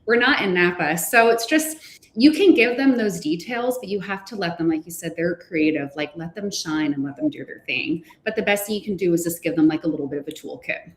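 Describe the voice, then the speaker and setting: A woman's voice: fairly low pitch, fairly quick. A woman who represents a hotel brand, speaking upbeat and casually with frequent fillers on a webinar panel. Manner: upbeat, lots of "like". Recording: echoey room.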